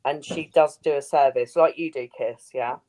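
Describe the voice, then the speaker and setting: A woman's voice: low-pitched, normal speed, no echo. A woman in casual live-stream chat, swearing casually and praising friends. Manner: chatty, warm about friends, swears casually.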